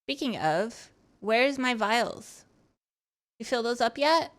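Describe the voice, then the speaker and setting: A woman's voice: on the high side, expressive, slow, a bit bright. A woman streamer chatting casually with her viewers while gaming, teasing and cursing freely.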